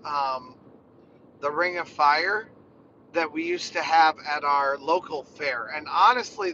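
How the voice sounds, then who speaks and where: A man's voice: on the high side, sharp tone, lo-fi sound, slight background noise. Chatty man rambling in a car. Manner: chatty, rambling, laughs often. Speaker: vlogger. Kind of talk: casual chat on a car ride.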